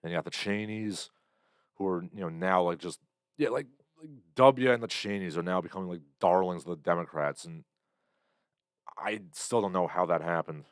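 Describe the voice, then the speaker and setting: A man with a very low voice rambles through his own livestream, blunt and full of fillers, reacting to chat comments as they come in. He sounds like he is in his thirties. The sound is close and dry, with no room around it. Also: normal speed, clean tone, no echo. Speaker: livestream host.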